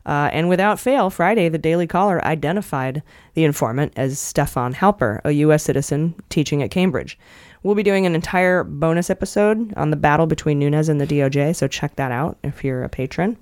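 A woman's voice: sits low, fairly quick, hardly any pauses, darkish tone, no echo, clean studio sound. A woman hosting a podcast, running through the news with wry jokes in a casual chat. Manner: wry, jokey news rundown. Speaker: podcast host.

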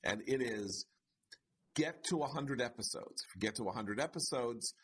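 A man's voice: medium pitch, expressive, normal speed, husky. A man co-hosting a casual conversation, building his points step by step.

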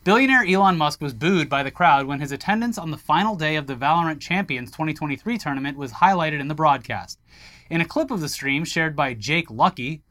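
A man's voice: a little high, a bit bright. A man co-hosting a tech news show, reading articles aloud and adding wry jokes. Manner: wry, joking, reads quotes aloud. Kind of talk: casual tech news banter.

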